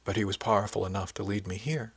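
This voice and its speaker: A man voicing a frightened young village wife who speaks softly and hesitantly, with a husky voice. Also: on the low side, fairly even intonation, quick pace, no echo.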